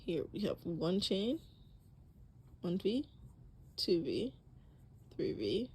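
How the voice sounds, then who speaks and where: A young woman with a slightly low voice talks slowly through a beginner crochet lesson. She sounds casual and chatty, corrects herself and breathes heavily into a close mic. Faint background noise sits under her voice. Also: poor audio. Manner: relaxed, chatty, self-correcting with little laughs. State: breathing hard. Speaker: crochet tutorial host. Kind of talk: casual how-to demonstration. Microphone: close mic picking up breathing.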